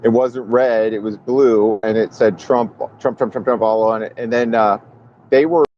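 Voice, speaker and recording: Animated man telling stories over faint road noise. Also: fairly low pitch, normal speed. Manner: animated storyteller acting out quoted voices. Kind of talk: casual chat. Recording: dull lo-fi sound.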